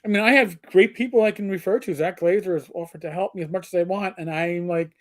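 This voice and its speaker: A man in his fifties hosting a casual livestream chat, telling stories in an animated, rambling way with many restarts. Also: high voice, quick pace. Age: 50s. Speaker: host.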